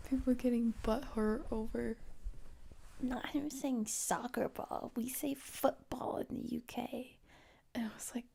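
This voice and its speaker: A woman's voice: on the high side, little pitch movement, measured pace, vocal fry, mellow, breathy edge. A young woman streamer chatting casually and often in a whisper, playful and teasing.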